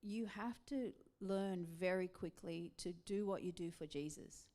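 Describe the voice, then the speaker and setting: A woman's voice: fairly low pitch, measured pace, mellow. Chatty Australian woman who laughs often. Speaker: pastor's wife. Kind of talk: casual church interview.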